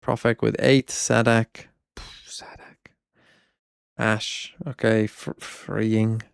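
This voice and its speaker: A man's voice: on the low side, flat delivery, slow pace, gravelly, smooth, dry recording, studio quality. A man streaming, casually reviewing viewers' fantasy teams in a wry, blunt way, thinking aloud. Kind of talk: casual livestream commentary.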